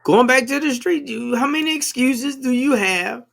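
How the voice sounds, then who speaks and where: A man with a high, gravelly voice co-hosts a relaxed conversation. He speaks in a preachy, emphatic way and likes to ask leading questions. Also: moderate pace. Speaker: podcast co-host. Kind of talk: casual conversation.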